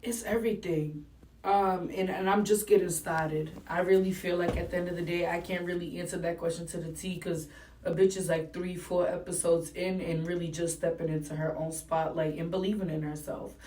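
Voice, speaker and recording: A woman's voice: fairly low pitch, little pitch movement, fairly quick, a little mellow. A young adult woman from New England with a New England accent, talking bluntly and profanely as a rapper in a casual interview. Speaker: rapper guest. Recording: roomy and distant mic.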